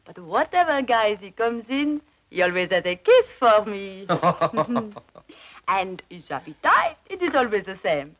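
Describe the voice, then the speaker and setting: A chatty old innkeeper. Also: female voice, mid-range voice, very animated, a little slow, fairly bright tone, lo-fi sound. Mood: fond. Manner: chatty, broken English. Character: chatty old French innkeeper woman, fond and motherly. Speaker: actress.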